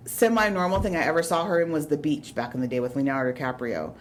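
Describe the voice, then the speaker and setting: A woman's voice: low voice, quick pace. A woman co-hosting a movie podcast in casual chat, rambling with fillers and frequent laughs. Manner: chatty, laughs often, filler-heavy. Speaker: podcast co-host.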